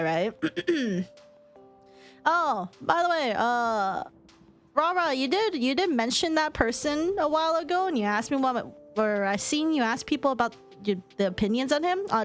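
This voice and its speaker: Brief: young Californian woman streamer, higher voice, bouncy and giggly, faint music underneath. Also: moderate pace. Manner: giggly, laughs often, animated. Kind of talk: casual stream commentary.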